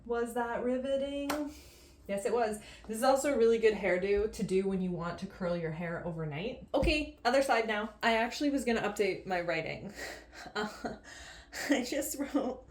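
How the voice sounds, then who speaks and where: A woman in her thirties chatting casually on her writing vlog, joking at her own expense. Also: medium pitch. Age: 30s. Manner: chatty and self-deprecating. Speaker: writing vlogger. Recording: roomy echoey room.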